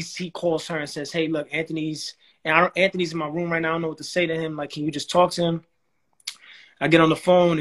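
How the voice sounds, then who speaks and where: A young man tells his story as a guest, and his voice sits a little higher than most men's. He talks casually with lots of slang and quick restarts. He acts out the lines of people he quotes. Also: a bit bright. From New York.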